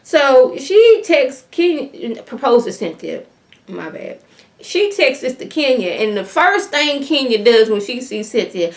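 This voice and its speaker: A woman's voice: high-pitched, very animated, unhurried. Chatty woman recapping a reality episode. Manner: chatty, acts out other people's lines in quotes; leans on fillers like "like" and "um". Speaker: reality TV reviewer.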